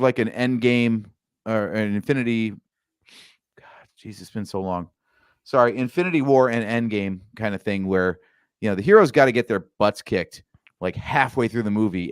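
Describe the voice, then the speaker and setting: A man's voice: fairly low pitch, clean tone, dry recording, clean studio sound. A man co-hosting a podcast in casual movie review chat, opinionated and building his points with hypotheticals. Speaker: podcast co-host.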